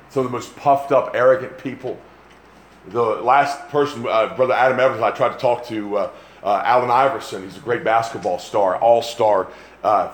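Man preaching, rising and falling. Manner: rises to loud emphatic preaching, then drops low and quiet. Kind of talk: sermon. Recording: echoey room with faint ambience.

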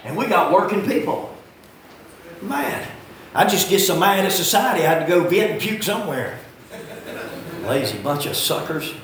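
A man, preaching a fiery sermon as pastor, swinging from shouting to low, quiet asides. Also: very animated, normal speed, pauses often, slight background noise. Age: 50s. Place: church sanctuary. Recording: echoey room, heard from a distance.

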